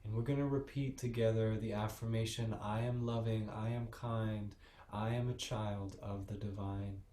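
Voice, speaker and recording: A man guides a yoga and meditation class in a slow, soothing, gently encouraging way. His voice is mellow and dark, with a level, unvaried lilt. The sound rings in a roomy, echoey space. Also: on the low side, steady tone. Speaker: yoga teacher. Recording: echoey room.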